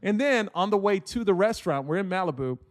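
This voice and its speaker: A man in his thirties tells a long story on a podcast, his voice sitting high and swinging all over the place. He acts out the quotes as he goes. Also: animated, fast talker. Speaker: podcast co-host. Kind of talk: casual chat.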